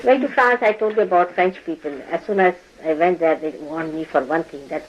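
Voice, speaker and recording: At an indoor ashram gathering, a woman spiritual teacher lectures her followers in a lowish voice, a little fast and with hardly any pauses. She chides them, laughs often, and mimics people. The audio is dull, with background noise.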